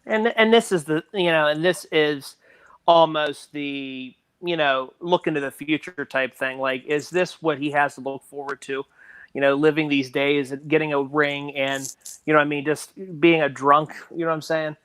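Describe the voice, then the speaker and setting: A man with a slightly high voice picks apart a film on a podcast and keeps checking in with "you know what I mean". The recording is close and dry, with no room sound. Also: fairly even intonation, normal speed, fairly bright tone, clear, resonant tone, dry recording. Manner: repetitive, restarts a lot, says "you know what I mean". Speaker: podcast co-host. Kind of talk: casual movie discussion.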